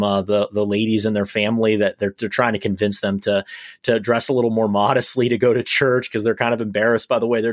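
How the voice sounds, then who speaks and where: A man who is a pastor, telling an anecdote in an animated way in a podcast conversation. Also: medium pitch, no room sound, clean studio sound.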